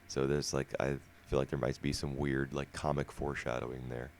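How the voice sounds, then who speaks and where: A man co-hosting a podcast in a relaxed, talkative way, explaining his views at length. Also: a bass voice, brisk, creaky, a little hiss or hum. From United States. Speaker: podcast co-host. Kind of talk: casual discussion.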